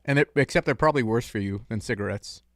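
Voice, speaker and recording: A man's voice: mid-range voice, fast, a bit bright, slight background noise. A young man hosting a call-in stream, talking in a rambling, joking way with lots of filler words. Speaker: streamer host taking calls. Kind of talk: casual chat.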